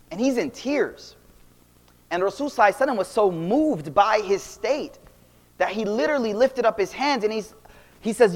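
A young man giving a casual, animated Islamic talk full of slang, swinging between loud and quiet. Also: sits high, brisk. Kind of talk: casual storytelling lecture. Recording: long reverb of a hall.

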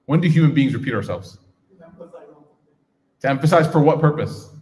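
A man's voice: medium pitch, animated, normal speed, a little mellow. Guy teaching a class, casual, keeps asking the room questions, long hall echo. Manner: engaging, asks the audience questions. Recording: reverberant hall.

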